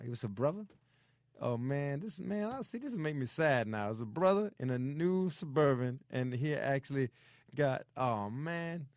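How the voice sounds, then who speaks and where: A man co-hosting a comedy podcast, jumping in with excited, interrupting reactions. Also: medium pitch, normal speed, dry recording, studio quality. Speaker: podcast co-host. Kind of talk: casual chat.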